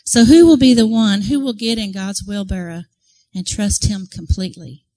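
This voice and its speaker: A woman's voice: mid-range voice, moderate pace, dark tone, rough recording. A woman giving a devotional talk to a church group, telling a story earnestly and acting out the crowd's reactions. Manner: earnest, conversational, asks the audience questions. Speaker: women's ministry speaker.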